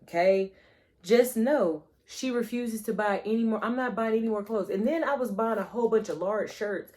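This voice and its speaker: A woman's voice: medium pitch, lively intonation, normal speed, darkish tone. A woman vlogger, chatting playfully to her viewers and calling them honey and child. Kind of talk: casual chat to camera.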